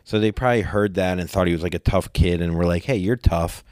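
A man's voice: sits low, fast talker, smooth, dry recording, studio quality. A man in his forties, co-hosting a podcast, telling a story in casual chat and jumping into a raised voice to act out what people said. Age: 40s. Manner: animated storyteller who acts out quotes in a raised voice. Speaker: podcast co-host.

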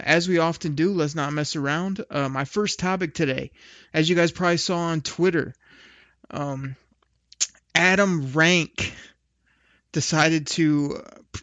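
A man's voice: fairly high pitch, fairly bright tone, dry recording. A man hosting a casual solo podcast, rambling and joking in rhyming riffs. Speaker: podcast host.

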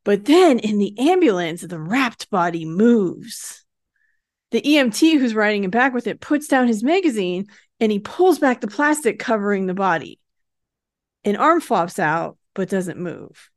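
A woman's voice: mid-range voice, very animated, unhurried, no room sound, studio quality. A woman co-hosting a podcast, casually retelling a TV episode's plot and acting out the characters' lines in passing. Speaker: podcast co-host recapping a TV episode. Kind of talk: casual recap narration.

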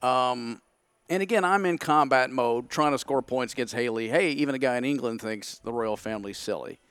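A man's voice: mid-range voice, moderate pace, a bit bright, clear, resonant tone, no room sound. A man telling a story in casual chat, acting out his own past thoughts. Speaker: podcast guest.

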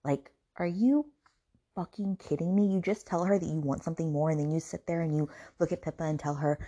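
Woman host, mellow lowish voice, sarcastic exasperated rant, casual swearing. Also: fairly even intonation, brisk, breathy edge. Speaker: podcast host reviewing books. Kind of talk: ranting book review.

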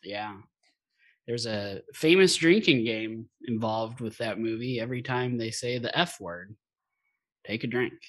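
A man co-hosting a podcast in casual chat, cracking quick jokes, laughing and trailing off mid-sentence. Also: medium pitch, a bit bright. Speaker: podcast co-host.

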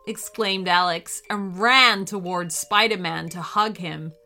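A woman hosting a children's story podcast, reading an adventure story in a cheerful, animated way. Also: lowish voice, slow pace, faint music behind.

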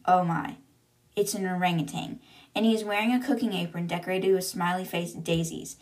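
A woman's voice: lowish voice, steady tone, brisk, darkish tone. A young woman hosting a podcast, casually recapping a book chapter by chapter and reacting as she goes. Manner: chatty, lots of fillers, reacts to the story. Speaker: podcast host.

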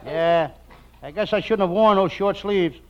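A man playing the excitable, whiny comic in a 1940s radio comedy show, recorded as an old radio transcription. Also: high-pitched, a little slow, highs cut off, a loud crowd, heavy background noise.

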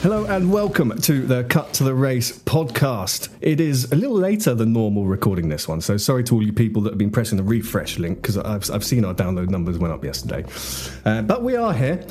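A man's voice: mid-range voice, big pitch swings, fairly quick, a little mellow, soft background music. Young guy hosting a podcast, chatty, jokey, voice bounces up and down a lot. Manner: chatty, self-deprecating, laughs easily. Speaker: podcast host. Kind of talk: casual podcast chat.

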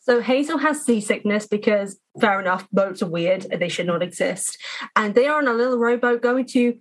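A woman's voice: medium pitch, moderate pace, poor audio. A British woman, a guest on a casual podcast, self-mocking and laughing often as she talks. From Britain.

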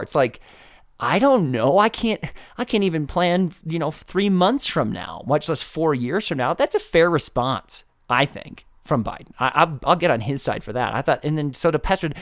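A man's voice: a little high, animated, normal speed, no room sound, studio quality. A man hosting a podcast, talking through his opinions in a rambling, casual way with restarts and wry laughing asides. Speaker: podcast host. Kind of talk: casual solo commentary.

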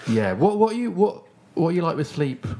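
Lively-voiced man hosting a podcast. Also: fairly high pitch, fairly quick. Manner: animated, laughing storyteller. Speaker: podcast host. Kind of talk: casual chat.

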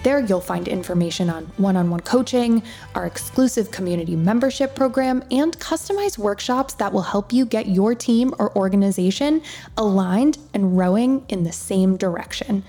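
Woman, podcast announcer, scripted outro, upbeat, mellow voice, faint music. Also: mid-range voice, normal speed. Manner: smooth, upbeat, promotional.

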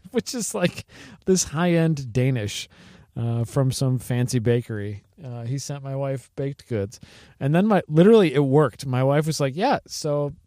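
A man's voice: medium pitch, expressive, unhurried, mellow, dry recording. Rambling, chatty man with a dry sound. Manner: rambling, hesitant with many fillers and restarts, laughs often. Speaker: podcast co-host. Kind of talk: casual chat.

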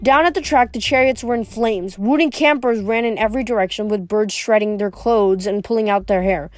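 A woman's voice: medium pitch, a little fast, faint music behind. A woman reading a novel aloud in a plain, unpolished way, with small slips and restarts. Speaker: reader.

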